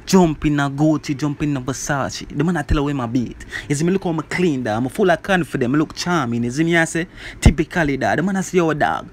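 A man casually reviewing a song, talking in an animated way and filling his lines with "bro" and "you see me". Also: a little high, fast talker, a little hiss or hum. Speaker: music reviewer.

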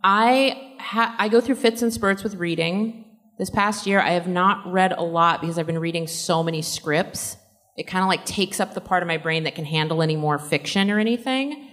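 A woman's voice: lowish voice, normal speed, fairly bright tone. A woman answering fan questions at a convention panel in a casual, rambling way, laughing often. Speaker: panel guest actor.

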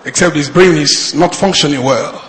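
A male pastor preaching a fervent sermon, moving from shouted appeals to low, pleading lines. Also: normal speed, roomy sound, in a large hall, low-quality recording.

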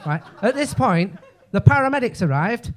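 A Liverpool-accented comic performs a stand-up set in a comedy club, racing through a story packed with "right?" and swearing. His voice is high and very animated.

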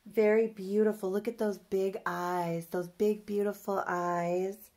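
Young woman vlogging a box opening, slow and gushy, lots of coos. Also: mid-range voice, steady tone, darkish tone. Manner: gushing, coos and squeals. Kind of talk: casual box-opening vlog.

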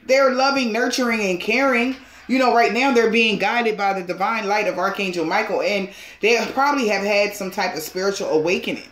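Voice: mid-range voice, expressive, moderate pace, fairly bright tone, reverberant, a little hiss or hum. A tarot reader giving a casual reading straight to viewers, pushy and emphatic, laughing often and swearing casually.

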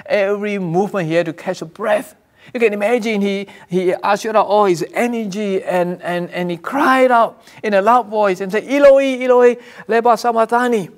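A man's voice: sits high, normal speed. A man preaching a sermon as pastor, earnest, repeating and restarting phrases, raising his voice for quoted cries. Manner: raises voice when quoting cries from scripture.

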